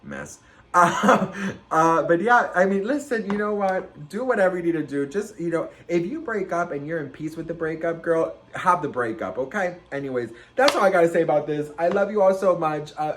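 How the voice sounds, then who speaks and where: Campy, dramatic man telling a story. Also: a little hiss or hum. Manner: dramatic, animated storytelling with big swings in pitch and loudness; campy, sassy, says "girl" and "okay" a lot. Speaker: celebrity gossip vlogger. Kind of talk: casual storytime chat.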